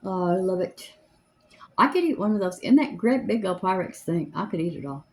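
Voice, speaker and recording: A makeup vlogger in her 70s chats in a rambling, homespun way while doing her makeup, sitting in a chair at home. Her voice is fairly low-pitched and animated, and she talks at a moderate pace.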